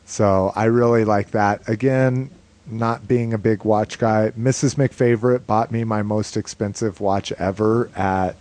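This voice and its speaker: A man co-hosting a casual podcast, talking in a relaxed, rambling way with lots of fillers and some swearing. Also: lowish voice, measured pace. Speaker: podcast co-host.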